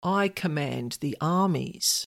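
A woman voicing a proud, terse male demon commander who speaks slowly, boldly and firmly. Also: low-pitched, animated, vocal fry, pitched below the performer's own voice, full character voice. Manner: slow, bold and firm.

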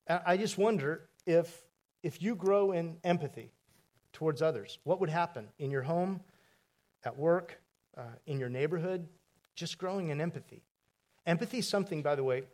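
A man's voice: on the high side, darkish tone. A man preaching a sermon as pastor, telling stories in a conversational way with asides to the congregation.

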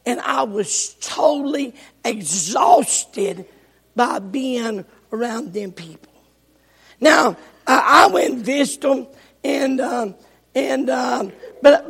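A male pastor preaching a sermon, telling folksy stories with bursts of shouting, recorded in a church sanctuary. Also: extremely high pitch, expressive, unhurried, creaky, breathy edge. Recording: echoey church hall.

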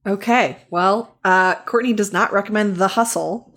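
A woman's voice: mid-range voice, moderate pace, a bit bright. A woman co-hosting a book podcast in casual chat, chatty and frank, with lots of fillers. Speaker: podcast co-host.

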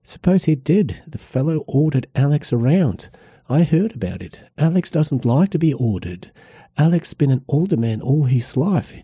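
A man's voice: big pitch swings, warm tone, husky, dry recording, clean studio sound, heavily acted. A man putting on an indignant village woman. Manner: raised pitch, drawn-out protesting delivery. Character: indignant middle-aged village woman, stubborn. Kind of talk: read-aloud novel passage.

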